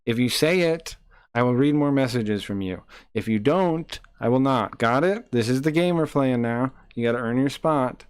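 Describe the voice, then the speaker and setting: A man's voice: medium pitch, normal speed, smooth, no echo. A man live-streaming who reads chat messages aloud and taunts a viewer in a combative way.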